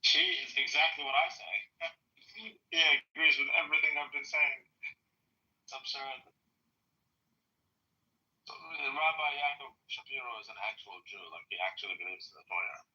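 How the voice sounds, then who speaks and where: A blunt man hosting a live stream and swapping crude banter. His voice is very bright and sharp, at an average pitch. He shrugs off insults with a laugh. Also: moderate pace, long pauses, muffled recording.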